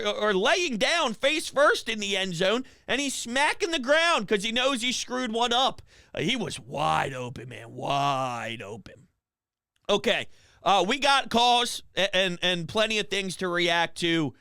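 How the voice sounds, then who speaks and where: A male sports show host with a high, bright voice who rants quickly and with animation. His voice comes through smooth and crisp in a dry, close recording. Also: dry recording. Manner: fast, animated ranting with quick restarts. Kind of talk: opinionated sports talk show.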